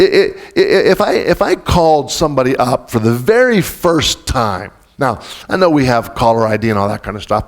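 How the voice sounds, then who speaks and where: Man preaching a chatty, searching sermon. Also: on the high side. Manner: informal and searching, with frequent restarts and questions to the congregation. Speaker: pastor. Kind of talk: conversational sermon.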